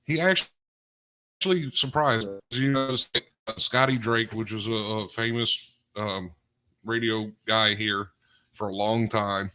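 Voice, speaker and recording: A man with a deep voice, co-hosting a casual podcast chat and telling stories with jokes. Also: fairly even intonation, slow, bright, forceful tone, clean tone. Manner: storytelling, joking. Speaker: co-host.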